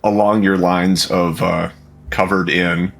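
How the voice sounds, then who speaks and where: A man's voice: sits low, little pitch movement, slow pace, creaky. A man playing a tabletop role-playing game, talking in a casual, rambling way. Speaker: player.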